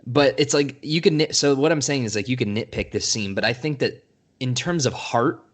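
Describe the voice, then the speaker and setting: A man's voice: medium pitch, moderate pace. A man co-hosting a podcast, chatting casually about a film, rambling with frequent restarts and laughs. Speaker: podcast co-host. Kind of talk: casual film review chat.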